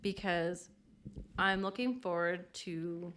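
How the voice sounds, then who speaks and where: A woman's voice: on the low side, slow, fairly bright tone. A woman co-hosting a casual chat, telling a funny story about a game with lots of fillers and laughter. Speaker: podcast co-host.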